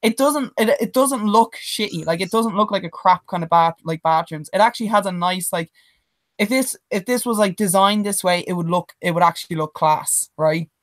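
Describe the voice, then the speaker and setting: A woman co-hosting a podcast, telling animated stories with plenty of swearing and laughter. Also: mid-range voice, moderate pace, no echo, low-quality recording. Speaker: podcast co-host. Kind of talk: casual chat.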